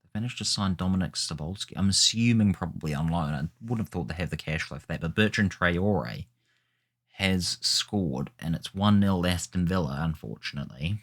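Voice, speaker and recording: A man's voice: low-pitched, moderate pace, a bit bright. A man hosting a gaming video, giving chatty, rambling commentary that often corrects itself. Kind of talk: casual gameplay commentary.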